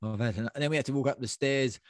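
A man's voice: mid-range voice, racing, dry recording, studio quality. A man casually recounting a long trail race on a podcast, rambling and easygoing with plenty of fillers. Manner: rambling, laid-back storytelling with fillers. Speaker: podcast host and ultra runner. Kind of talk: casual race recap chat.

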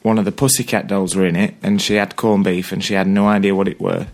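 A man's voice: low-pitched, flat delivery, quick pace. A man from England co-hosting a podcast, chatting casually and joking, laughing often. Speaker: podcast co-host. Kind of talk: casual chat.

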